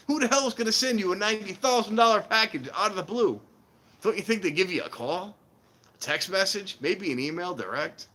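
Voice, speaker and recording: A man hosting a casual trainspotting stream, rambling and animated, acting out the voices of people he quotes. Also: sits high, fairly quick. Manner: warns viewers against scams. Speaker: railfan livestream host. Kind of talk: casual chat while filming trains.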